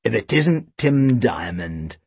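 A man voicing a gruff, heavyset middle-aged police chief who mutters and rasps with weary sternness. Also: medium pitch, lively intonation, unhurried, no room sound. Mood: muttering. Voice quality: rasping, muttering. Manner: tired, stern, exasperated.

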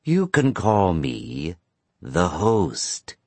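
A man voicing a sinister mysterious male caller with a peculiar voice that swings from low and slow to oddly high. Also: wildly swooping pitch, gravelly, breathy edge, no room sound, full character voice. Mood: taunting. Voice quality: peculiar shifting voice, at times helium-high. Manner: slow, taunting, drawn-out.

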